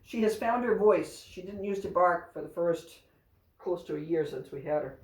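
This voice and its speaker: A woman's voice: normal speed, roomy sound, far from the mic, poor audio. Chatty woman training her dogs. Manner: chatty, breaking into high cheerful commands to the dogs. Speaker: therapy dog handler. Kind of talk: casual home video with her dogs. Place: at home with three dogs.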